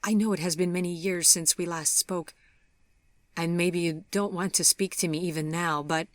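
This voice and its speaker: A woman voicing a young man who speaks gently and hesitantly, apologizing. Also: fairly low pitch, fairly even intonation, normal speed, no echo, lightly acted. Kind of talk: audiobook character voice.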